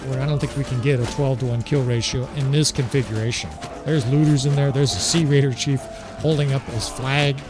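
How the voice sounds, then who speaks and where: Excitable man commentating his game. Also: medium pitch. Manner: excitable, swears, laughs often, keeps tagging "right?". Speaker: gameplay commentator. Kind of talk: casual gameplay commentary. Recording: game music playing loudly behind. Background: game soundtrack music.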